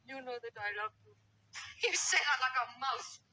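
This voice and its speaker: A woman's voice: high-pitched, huge pitch swings, normal speed, bright, forceful tone, heavily acted, low-quality recording. An actress playing a proud village woman newly married into nobility, speaking in a haughty, scornful, theatrical way. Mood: resentful. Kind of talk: vintage TV drama acting.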